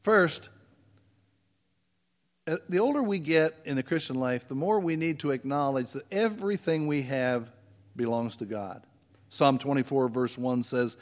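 A man's voice: mid-range voice, unhurried, in a large hall. A man preaching a conversational sermon as pastor, asking the congregation rhetorical questions. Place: church sanctuary.

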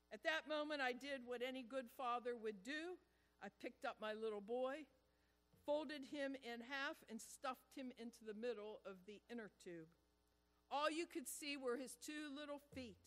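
A man preaching a sermon as a pastor, telling a personal story in an earnest, drawn-out way with deliberate pauses. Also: extremely high pitch, fairly bright tone. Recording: long reverb of a large hall.

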